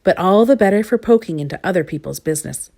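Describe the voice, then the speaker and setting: A woman's voice: expressive, quick pace, creaky, mellow. A woman voicing a nosy long-nosed man who laughs as he pries, in a storybook reading. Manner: high and laughing.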